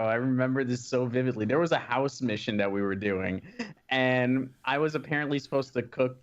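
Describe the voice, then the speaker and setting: A man's voice: mid-range voice, muffled recording. A man guest on a casual gaming podcast, telling a story in a laid-back way and chuckling along.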